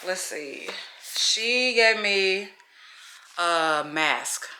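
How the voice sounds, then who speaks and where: Animated, profane woman vlogging. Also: fairly low pitch, very slow, slight background noise. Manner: animated, profane storytelling to viewers. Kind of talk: casual vlog chat to camera.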